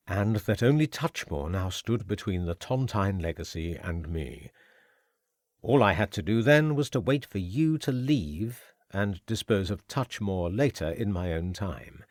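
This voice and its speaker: A man doing a low, sneering gentleman villain. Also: no room sound, studio quality, exaggerated voice. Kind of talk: audiobook character voice.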